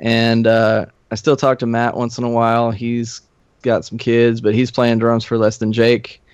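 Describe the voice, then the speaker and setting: A middle-aged man, a podcast guest, telling old band stories in a relaxed, profane, laughing way. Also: mid-range voice, a little slow, smooth, no echo. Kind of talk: casual storytelling. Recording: slightly muffled dry studio recording.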